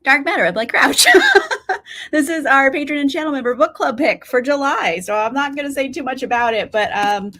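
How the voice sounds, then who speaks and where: A woman's voice: high-pitched, a little fast, a bit bright. A woman in her thirties hosting a casual reading livestream, chatty, swearing casually and laughing often as she reads out chat replies.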